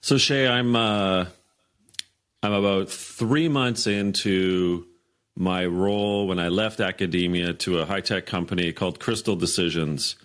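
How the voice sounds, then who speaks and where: Low-voiced man telling a story. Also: measured pace. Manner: animated storyteller, acts out quoted dialogue. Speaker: podcast guest. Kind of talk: storytelling in an interview.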